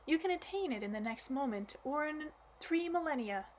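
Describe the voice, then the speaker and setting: Woman reading as a calm, wise light-haired man. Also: high voice, normal speed, a little hiss or hum, pitched above the performer's own voice. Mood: explaining. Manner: patient, explaining.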